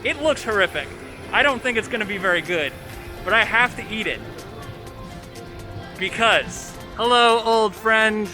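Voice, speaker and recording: A man's voice: high voice, animated, normal speed, long pauses, music in the background. A man chatting casually as a vlogger, outdoors at an amusement park, upbeat and wry. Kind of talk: casual vlog commentary.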